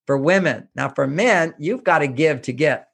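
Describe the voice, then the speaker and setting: A man's voice: a little high, lively intonation, normal speed, vocal fry, a bit bright, slightly rough. An older man from Houston, Texas, an author speaking as an interview guest, giving earnest, emphatic self-help advice and repeating his points.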